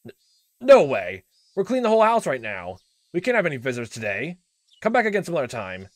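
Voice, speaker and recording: A man voicing an abusive, short-tempered middle-aged uncle who snaps and shouts in a raised, higher voice. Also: expressive, moderate pace, dry recording, close to an everyday voice. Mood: angry, defensive. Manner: loud, snapping, bullying.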